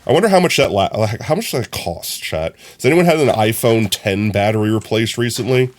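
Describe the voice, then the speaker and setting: A young man chatting casually on his live stream, telling stories in an animated, rambling way full of fillers. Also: lowish voice, brisk. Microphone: streaming from a phone.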